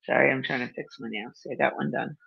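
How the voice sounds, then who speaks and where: A woman's voice: rumbling low, steady tone, a little fast, gravelly, husky, dull audio. A woman hosting a casual video chat, talking bluntly, swearing freely and teasing her friend. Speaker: channel host.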